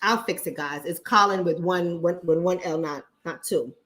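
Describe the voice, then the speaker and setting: A woman's voice: lowish voice, normal speed, a bit bright. A woman hosting a casual livestream chat, talking bluntly to her viewers with frequent profanity and repeating points for emphasis. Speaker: online talk show host.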